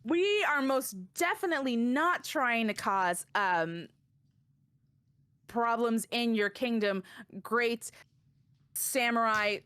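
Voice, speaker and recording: A woman's voice: a little high, animated, slow pace, long pauses, fairly bright tone, clean tone. A woman narrating an improvised story as a vtuber, chatty and a bit hesitant.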